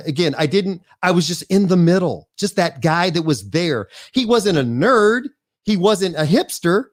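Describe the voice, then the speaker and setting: Man in his fifties, fairly high voice, animated rambling storyteller, lots of restarts, casual interview guest. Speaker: guest, real estate investor.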